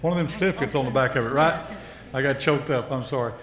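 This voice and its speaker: A man's voice: medium pitch, fast, crowd noise. A man emceeing a ceremony, speaking to a seated audience in a plain, folksy, heartfelt way. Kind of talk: addressing a banquet audience. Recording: reverberant hall over a PA.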